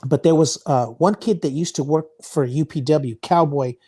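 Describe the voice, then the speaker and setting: A man's voice: on the high side, normal speed, dark tone, husky. A man, a wrestling guest, telling a long story in an interview, laughing often and restarting words.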